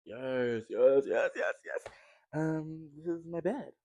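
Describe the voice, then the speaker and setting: A man's voice: a little high, slow pace, creaky, a little mellow, dry recording. A man in his twenties from the United States, chatting casually and rambling to camera from his bed, turning upbeat as he shows things off. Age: 20s. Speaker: vlogger.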